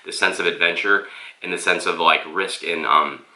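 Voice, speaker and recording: A man's voice: deep voice, steady tone, normal speed, bright, forceful tone, roomy sound. A man reviewing a book on camera in a loose, rambling way and often calling his viewers "guys.". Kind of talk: casual vlog book review. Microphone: camera mic.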